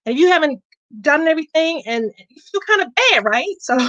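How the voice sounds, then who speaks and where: A woman guest chatting casually about her coaching experience, animated and laughing often, with frequent restarts. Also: high-pitched, normal speed, highs cut off. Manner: animated, laughing, repeats words. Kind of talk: casual testimonial chat.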